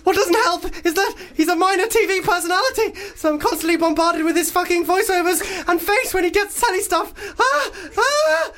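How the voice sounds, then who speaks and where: A man putting on the voice of a panicked young woman being chased through the woods, reading a letter in high gasps and shrieks, out of breath. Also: lively intonation, a little fast, hardly any pauses, pushed and bright, exaggerated voice.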